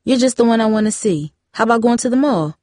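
A woman's voice: fairly high pitch, animated, fast talker, a little mellow, no echo, clean studio sound, voice pushed up. A woman voicing a breezy, coaxing teen friend. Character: friendly teenage girl, upbeat best friend.

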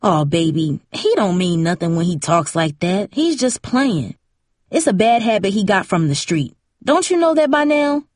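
A woman's voice: mid-range voice, very animated, moderate pace, darkish tone, no room sound, studio quality. A woman voicing an easygoing single mother who soothes her daughter casually. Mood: coaxing. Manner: soothing, casual, endearing "baby".

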